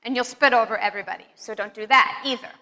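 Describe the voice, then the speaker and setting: A woman's voice: fairly high pitch, fast talker, pushed and bright, long reverb tail, a little hiss or hum. A woman teaching pronunciation in an upbeat, encouraging way, demonstrating each step. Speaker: accent teacher. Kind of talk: pronunciation lesson.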